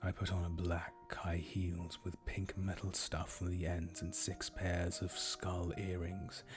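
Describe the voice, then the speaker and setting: A man streaming himself reading fan fiction aloud in a deadpan, low-key way. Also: unhurried, over music. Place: home streaming setup.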